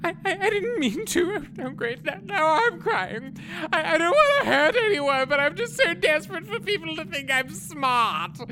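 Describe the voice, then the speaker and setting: A woman's voice: fairly low pitch, huge pitch swings, unhurried, heavily acted. A woman playing a bumbling, insecure male adventurer wizard who stammers and blusters, with a noisy home recording behind. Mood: sobbing. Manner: stammering, blustering, swings into crying.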